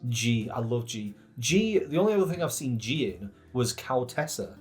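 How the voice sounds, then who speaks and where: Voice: mid-range voice, very animated, normal speed, darkish tone, faint music behind. A co-host joking and bantering casually while reading out patron names. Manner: playful, giggly.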